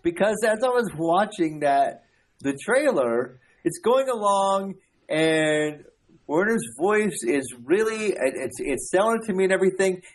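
A man co-hosts a podcast in loose, casual conversation. He speaks haltingly, often repeating words and restarting his sentences. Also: high voice, lively intonation, a little hiss or hum. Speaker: podcast co-host.

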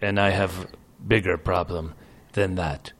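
A man plays a stern soldier who has lost his manhood, speaking halting broken English in the third person with a low, level voice. He is deadpan and blunt in a comedy sketch.

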